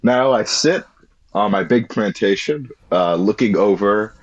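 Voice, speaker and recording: A man with a low, slightly husky voice hosts a loose podcast chat. He rambles and hunts for words, his pitch rising and falling freely. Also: animated, unhurried, dull audio. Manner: rambling, searching for words, mock-grandiose intro. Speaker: podcast host. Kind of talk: casual podcast banter.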